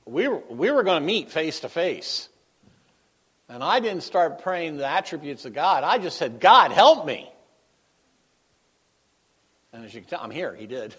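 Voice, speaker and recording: A middle-aged man preaches in a relaxed, storytelling way, with a voice of average pitch. He breaks into quick laughs, corrects himself mid-sentence, and moves from loud, emphatic lines to quiet, low asides. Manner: conversational and anecdotal, with laughter and self-corrections; swings between emphatic exclamations and quiet asides. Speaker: guest preacher. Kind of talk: sermon.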